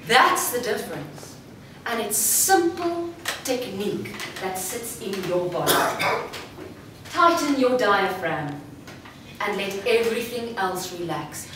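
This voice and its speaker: Female voice coach, measured demonstrative workshop delivery, recorded from afar in a noisy, reverberant hall. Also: medium pitch, sing-song, fairly bright tone. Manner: slow, deliberate, demonstrative delivery. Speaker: speaker and voice coach. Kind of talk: live workshop talk. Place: large room before a live audience. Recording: echoey hall from far off with room noise.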